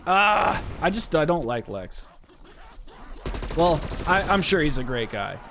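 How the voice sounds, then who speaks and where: A man chats loosely on a gaming live stream, rambling and answering chat. His voice sits a little high. Faint gunfire from the game runs underneath. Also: big pitch swings, unhurried, a bit bright, a little hiss or hum. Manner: chatty, rambling, reads chat aloud.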